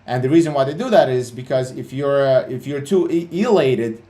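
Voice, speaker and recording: A man's voice: mid-range voice, lively intonation, moderate pace, mellow. A man hosting a trading livestream, talking bluntly and swearing a lot, with many fillers and restarts. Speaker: CEO and livestream host. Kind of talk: casual livestream talk.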